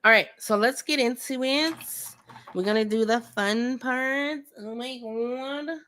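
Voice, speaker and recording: A young woman hosting a casual painting tutorial at home, chatty and joking with viewers, often clearing her throat. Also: a little high, takes it slowly, a bit bright. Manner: chatty, joking asides, talks to viewers as friends; frequent laughs and throat clearing. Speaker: art tutorial host. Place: home studio with a fan running.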